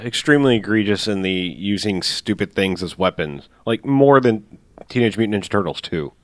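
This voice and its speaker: A man talking loosely on a movie podcast, with a somewhat low voice. He rambles and grumbles, and he swears casually as he goes. The sound is dry and close. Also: expressive, normal speed, dry recording. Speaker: podcast co-host. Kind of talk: casual chat reviewing a movie.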